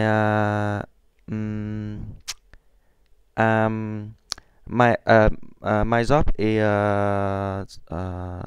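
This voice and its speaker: A man's voice: lowish voice, clear, resonant tone, dry recording, studio quality. A Vietnamese man speaking English with a Vietnamese accent, hesitant and full of fillers as he practices. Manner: hesitant, many fillers and restarts. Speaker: student.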